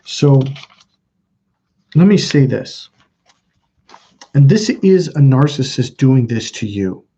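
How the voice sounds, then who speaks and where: A man's voice: medium pitch, sing-song, takes it slowly, mellow, breathy edge, highs cut off. A man in his fifties, a self-help coach, talking in a rambling, emphatic off-the-cuff monologue with frequent restarts. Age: 50s. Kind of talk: casual off-the-cuff monologue to camera.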